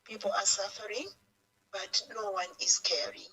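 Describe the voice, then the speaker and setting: A Zambian-accented woman phones into a radio talk show without giving her name, making a heartfelt, pleading comment and saying things more than once. She speaks at a normal speed in a medium pitch, her tone level yet pushed and bright.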